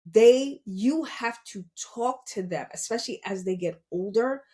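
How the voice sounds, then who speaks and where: A middle-aged woman talks on a podcast in a loose, conversational way. Her voice sits at an ordinary pitch for a woman. She is earnest and drives her points home by saying them again. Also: lively intonation, a little slow, mellow. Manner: earnest, repeats points for emphasis. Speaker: podcast host, parent. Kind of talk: casual talk.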